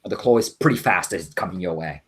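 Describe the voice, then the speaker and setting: A man's voice: low voice, fast, a bit bright, breathy edge. A man narrating as game master of a tabletop game, explaining rolls with many hesitations and restarts.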